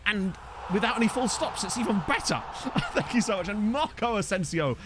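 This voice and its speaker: A man's voice: high-pitched, brisk, heavy background noise. A young man live-streaming a game, chatting casually, joking and reading out chat messages. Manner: lively, jokey, chatty, reads chat aloud. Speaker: streamer and host.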